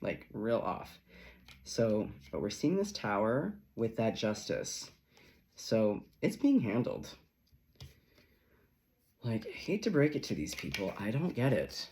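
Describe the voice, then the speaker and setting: A man's voice: lowish voice, huge pitch swings, takes it slowly, long pauses, a little mellow. A man giving a casual tarot reading in a sassy, chatty, profane manner. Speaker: tarot reader.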